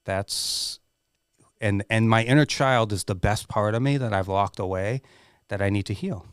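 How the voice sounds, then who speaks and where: Earnest middle-aged man, smooth resonant voice. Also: on the low side, normal speed, dry recording, clean studio sound. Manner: earnest and emotional, swears freely. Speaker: guest. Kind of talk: candid personal storytelling.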